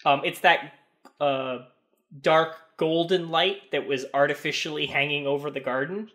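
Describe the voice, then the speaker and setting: A man narrating a tabletop role-playing game as game master, describing scenes in a halting way with many fillers. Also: fairly high pitch, fairly even intonation, sharp tone.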